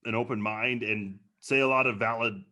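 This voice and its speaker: Bright-voiced chatty podcast guest. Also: male voice, mid-range voice, steady tone, normal speed. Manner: chatty, hesitant with fillers. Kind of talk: casual chat.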